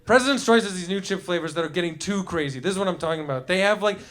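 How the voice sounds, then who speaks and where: High-voiced man doing rambling stand-up. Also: very fast, a bit bright, a little hiss or hum. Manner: rambling, riffing, acts out voices in bits. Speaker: stand-up comedian. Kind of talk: live stand-up with crowd work. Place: comedy club stage before a laughing crowd.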